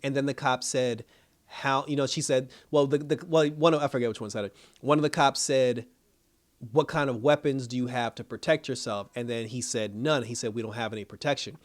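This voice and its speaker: A man giving a casual, animated recap of a TV episode, acting out the characters' lines and laughing as he goes. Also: mid-range voice, brisk. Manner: animated storytelling, acts out characters' lines, laughs while talking. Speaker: TV episode reviewer.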